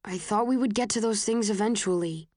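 A guarded young man speaks in a low, clipped, restrained way, read by a woman narrating a novel. The recording is dry and close, with no room around the voice. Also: a little fast, a little mellow, no echo, lightly acted. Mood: defensive.

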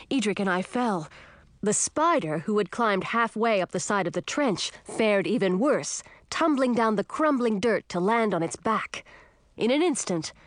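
A woman reading a children's fantasy story aloud in a steady first-person narration, giving voice to the dialogue. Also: mid-range voice, no room sound, clean studio sound. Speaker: audiobook narrator.

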